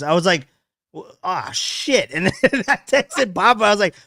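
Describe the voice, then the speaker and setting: A man's voice: high voice, sing-song, bright, forceful tone, no room sound, clean studio sound. A young man hosting a casual sports podcast, telling stories with frequent laughs. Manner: laughing, storytelling, quick asides. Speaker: podcast host.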